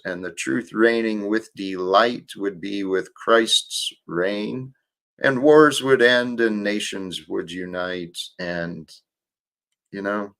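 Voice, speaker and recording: A man's voice: fairly low pitch, creaky, a bit bright. A man hosting a livestream, talking casually and reflectively about faith and life, with some restarts. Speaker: livestream host.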